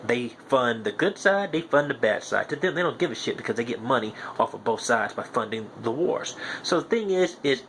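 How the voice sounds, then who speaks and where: Ranting young man, lively voice. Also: mid-range voice, fairly quick, hardly any pauses, slight background noise. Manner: profane, ranting, repeats himself insistently. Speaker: podcast host. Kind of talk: heated monologue.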